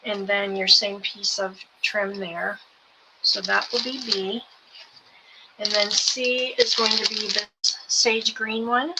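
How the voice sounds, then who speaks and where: A woman hosting a live selling show, going through each craft kit item by item in an unhurried way. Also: medium pitch, fairly even intonation. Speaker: host selling craft kits. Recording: background noise with clicks.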